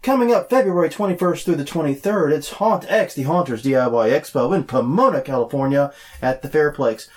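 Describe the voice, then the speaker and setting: Man with a cold, nasal and a little stuffy, slightly higher voice, joking podcast co-host who runs through listings fast. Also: expressive. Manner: chatty and joking, reads listings briskly. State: congested from a cold. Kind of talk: casual podcast chat. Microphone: desk mic, no lavalier.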